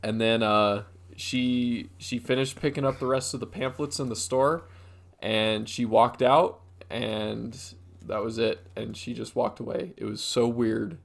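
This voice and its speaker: A man's voice: medium pitch, fairly even intonation, a little slow, vocal fry. A young man co-hosting a podcast, telling a rambling story with lots of fillers in casual chat. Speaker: podcast co-host.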